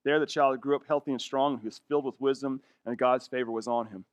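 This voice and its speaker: A man's voice: mid-range voice, steady tone, fast, no echo. A man preaching a sermon as a pastor, reading scripture and explaining it in a conversational, emphatic way.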